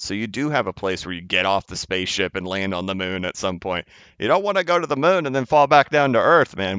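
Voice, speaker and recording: A man's voice: low voice, a bit bright, clean tone, no room sound, highs cut off. A man hosting his channel, talking emphatically in a casual market commentary monologue with chuckling asides. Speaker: channel host.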